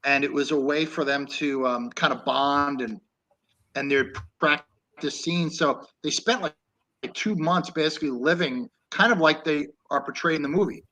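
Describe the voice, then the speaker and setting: A man's voice: a little high, normal speed, sharp tone, low-quality recording. A man co-hosting an online talk show, chatting loosely about an old film with many restarts. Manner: rambling, with many restarts and laughs. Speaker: co-host. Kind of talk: casual film discussion.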